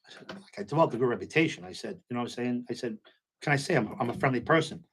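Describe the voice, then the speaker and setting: In a racing, medium-pitched voice with a breathy edge, a middle-aged man who owns a nightclub spins stories during a relaxed interview. He animatedly performs the quoted lines and often tosses in "you know what I'm saying."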